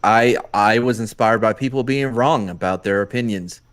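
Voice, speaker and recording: Low-voiced wry podcast co-host, man. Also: moderate pace. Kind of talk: casual live-stream chat.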